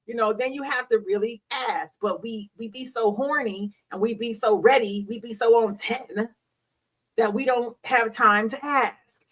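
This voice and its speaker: A woman's voice: a little high, measured pace, slightly rough, distant mic, poor audio. A middle-aged woman talking frankly and bawdily to her audience, preachy and laughing often. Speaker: host; hospital worker. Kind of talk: candid solo talk.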